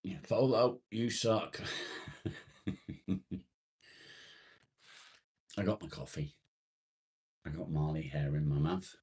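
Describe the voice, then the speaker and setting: Speaking slowly with long pauses, a very deep-voiced man chats casually on his livestream. His tone is darkish and expressive as he reads comments, greets viewers by name, and bantering with them in a joking way.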